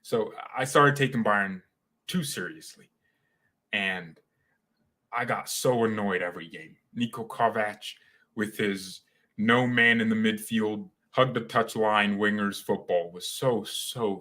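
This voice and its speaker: A young man hosting a casual fan livestream, talking in an animated, slangy, excitable way. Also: fairly low pitch, a little slow. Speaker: fan channel host.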